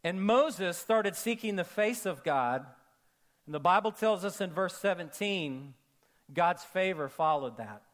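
A man preaching a sermon to a congregation, animated, acting out quoted voices and dropping to soft, intimate tones for emphasis. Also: sits high, a little slow. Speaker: pastor. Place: church auditorium with a congregation.

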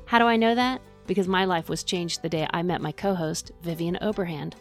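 A woman's voice: lowish voice, a little fast, soft background music. A woman hosting a podcast, reading an enthusiastic introduction and then chatting with her co-host. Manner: enthusiastic, upbeat. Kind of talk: scripted introduction and casual podcast chat.

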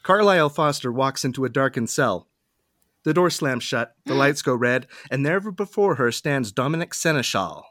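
A podcast host reading parody synopses in deadpan narration, often laughing. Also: medium pitch, moderate pace, no room sound, clean studio sound.

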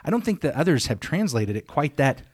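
A man's voice: on the high side, very animated, a little fast, darkish tone, slightly rough, no echo, clean studio sound. A man co-hosting a podcast, reading a psalm aloud and then discussing it in a casual, earnest way, often restarting his sentences. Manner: earnest, restarts and self-corrections while discussing. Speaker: podcast co-host.

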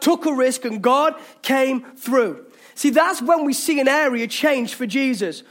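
A man's voice: extremely high pitch, a bit bright. A man with an English accent preaching a passionate sermon in a church, urging listeners on, with jokey asides. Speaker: pastor. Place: church hall.

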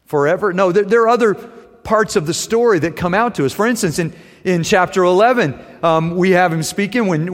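Man, pastor, sermon, conversational, wry, high-pitched, long church reverb.

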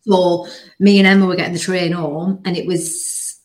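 A woman hosting a podcast, telling a story in an animated, casual way with plenty of "like" and the odd swear word. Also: on the low side, moderate pace. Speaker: podcast host. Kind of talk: casual chat.

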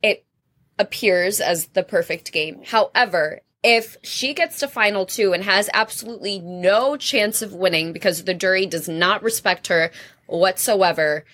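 A woman co-hosting a video-call panel, deliberately putting questions to the group. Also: mid-range voice, a bit bright. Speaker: co-host.

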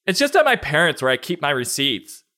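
A man's voice: a little high, big pitch swings, fairly quick, sharp tone, pitched above the performer's own voice. A man voicing a sly female unicorn who fibs with breezy ease, in a comedic storybook reading.

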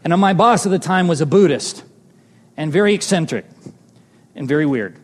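A man's voice: a little high, moderate pace. Man preaching a testimony in a reverberant hall. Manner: animated, swings from loud exclamations to hushed tender lines. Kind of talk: sermon testimony storytelling.

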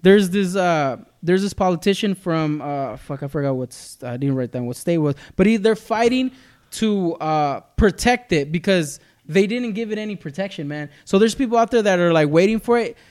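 A man's voice: high-pitched, lively intonation, moderate pace, darkish tone. A man co-hosting a podcast, chatting loosely and profanely, laughing between lines. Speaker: podcast co-host. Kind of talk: casual chat.

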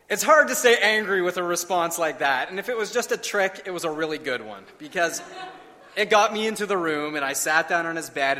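A man in his thirties preaching a sermon in an earnest way, slowing down with emphatic pauses. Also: sits high, bright, forceful tone. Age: 30s. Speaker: pastor. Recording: long hall reverb.

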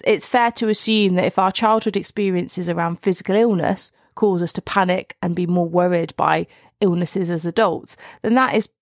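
A woman co-hosting a podcast, teasing in casual chat and then explaining things clearly. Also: mid-range voice, no room sound, studio quality. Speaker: podcast co-host.

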